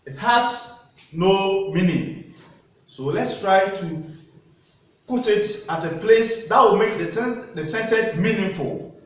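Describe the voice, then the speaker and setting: A man teaching a primary school lesson, speaking slowly and deliberately and putting questions to young pupils in a classroom. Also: high voice, animated. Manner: slow, deliberate teacher talk with questions to children. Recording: echoey room, voice from a distance.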